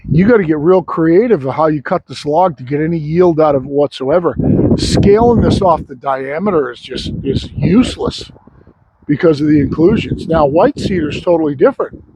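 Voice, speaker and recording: A man's voice: on the high side, animated, normal speed, very noisy. A sawmill owner talking casually and bluntly, rambling and swearing freely while he shows off his wood. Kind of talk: casual vlog talk. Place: outdoor log yard.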